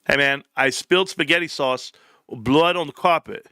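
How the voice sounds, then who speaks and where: A man putting on a crude, excitable male buddy in a joking bit, blustery and repetitive. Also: a little high, normal speed, clear, resonant tone, no room sound, clean studio sound. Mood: excited.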